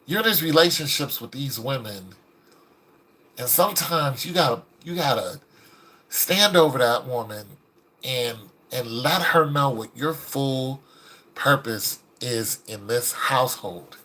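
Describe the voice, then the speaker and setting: In a mid-range voice that runs a little slow, this video commentator delivers casual commentary with a preachy streak. He animates his stories by performing the people in them.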